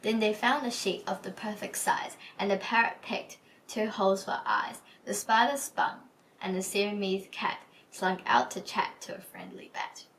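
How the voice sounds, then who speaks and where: A woman's voice: medium pitch, fairly even intonation, a little slow, fairly bright tone, recorded from a distance, slight background noise, poor audio. Woman reading a picture book aloud. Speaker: storybook reader. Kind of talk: storybook read-aloud.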